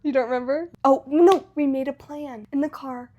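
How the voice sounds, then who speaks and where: A young woman co-hosting a podcast, telling a story in a casual, animated way with lots of fillers. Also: high-pitched, moderate pace. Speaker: podcast co-host. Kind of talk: casual chat.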